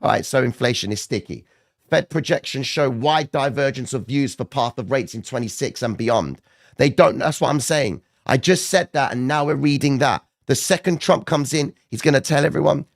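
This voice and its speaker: A man talks through markets on a live stream in a loose, chatty way and keeps checking in with his viewers. His voice sits in a middle pitch with a gravelly rasp that he admits is not his normal sound. The sound is dry and close. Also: moderate pace, dry recording. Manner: chatty, addresses viewers directly, frequent "okay?" and "right?". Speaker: livestream market commentator. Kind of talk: casual live market commentary.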